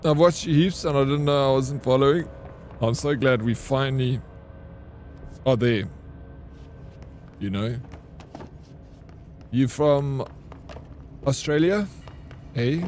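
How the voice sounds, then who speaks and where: A man's voice: mid-range voice, slow pace, long pauses, darkish tone, a little hiss or hum. A young man, chatting with his viewers while streaming a game and greeting them by name. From South Africa. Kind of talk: casual live-stream chat.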